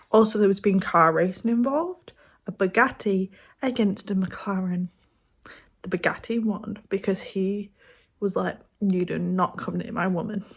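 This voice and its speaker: A woman's voice: mid-range voice, darkish tone. A young British woman chatting casually to camera as a book vlogger, gushing and rambling with asides. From Britain. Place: home, indoors.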